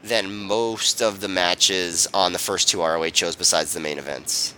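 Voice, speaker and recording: A man's voice: sits low, fairly even intonation, normal speed, bright, forceful tone, a little hiss or hum, rough recording. A man co-hosting a casual podcast, chiming in with quips and short reactions. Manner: chimes in with quips and mimics people. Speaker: podcast co-host. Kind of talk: casual chat.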